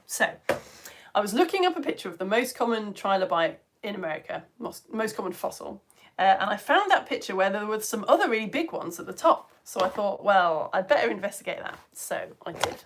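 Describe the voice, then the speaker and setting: An excitable, chatty woman from the United Kingdom hosts a live science show for children, talking straight to her viewers. Her voice sits at a medium pitch. She is recorded on a phone camera indoors at home. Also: fairly quick, background noise. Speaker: science presenter.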